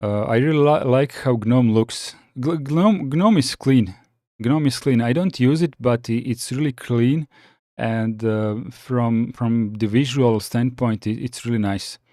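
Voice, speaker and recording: A man's voice: mid-range voice, measured pace, a little mellow, dry recording, studio quality. A man from the Balkans hosting a casual live chat, reading viewer comments and answering with many restarts and fillers. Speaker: livestream host reading chat.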